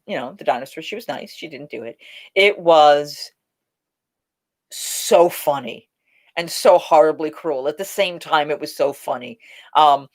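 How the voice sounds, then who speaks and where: A woman hosting a casual live chat from home. Her voice sits on the low side, but it swings widely as she tells animated stories and acts out what people said. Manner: animated, laughing storyteller who acts out quotes. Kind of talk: casual live-stream storytelling.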